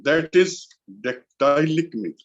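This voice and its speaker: A male college lecturer from India with an Indian English accent, slowly explaining a literature lesson and repeating key terms for emphasis. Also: fairly high pitch, animated, lo-fi sound.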